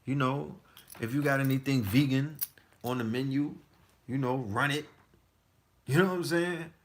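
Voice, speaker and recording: A man's voice: mid-range voice, moderate pace. A man in his forties telling stories in a loose, profane casual chat, full of restarts. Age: 40s. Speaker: podcast guest. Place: Texas.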